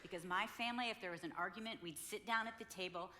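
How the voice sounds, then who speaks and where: A woman in her sixties telling a lively story about her marriage to a live conference audience. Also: medium pitch, fast talker. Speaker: conference speaker.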